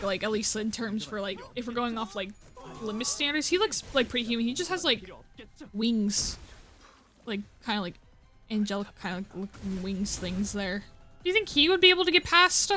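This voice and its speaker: A woman's voice: a little high, expressive, normal speed, pushed and bright, soft background music. A woman streaming a game, rambling in casual commentary and stumbling over names.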